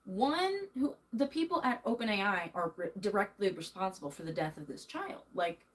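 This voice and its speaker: Young woman, streamer, angry rant, emphatic, nervous laughs, bedroom, mid pitch. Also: animated, moderate pace, poor audio. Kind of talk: angry ranting livestream chat. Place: her bedroom, doing laundry.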